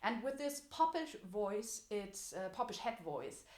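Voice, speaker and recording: A woman's voice: medium pitch, very animated, measured pace, darkish tone. A woman teaching a singing lesson as a vocal coach, explaining technique in an encouraging way. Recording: echoey room.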